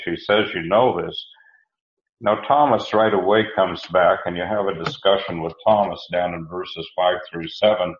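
Deep-voiced preacher teaching verse by verse. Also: male voice. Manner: plain, folksy, self-correcting, explains Greek verb forms. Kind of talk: Bible teaching sermon. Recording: dull roomy recording.

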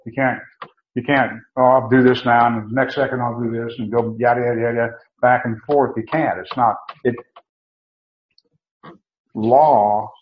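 A man preaches with emphatic insistence, circling back and repeating himself as he restarts his sentences. His voice sits at a medium pitch. The recording sounds muffled and echoes around the room. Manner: emphatic, repetitive, with many restarts and fillers. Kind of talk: sermon. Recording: dull, roomy sound.

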